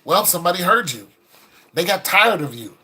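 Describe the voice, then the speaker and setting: Bright-voiced man preaching relationship advice. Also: high voice, moderate pace, slightly rough. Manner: animated, preachy, acts out quoted people. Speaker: video commentator. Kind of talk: casual commentary.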